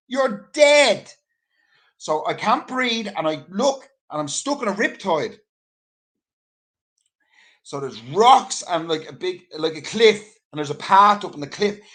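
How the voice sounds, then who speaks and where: A man with an Irish accent telling a casual anecdote in an animated, rambling way, full of swearing. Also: on the high side, normal speed. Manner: animated, profane, rambling storyteller.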